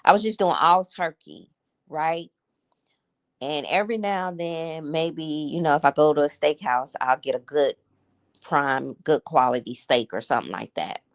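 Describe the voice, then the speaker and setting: A woman's voice: low-pitched, moderate pace. A woman, hosting a candid livestream chat and confiding in her viewers with emotion. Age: 50s. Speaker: livestream host. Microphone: streaming setup.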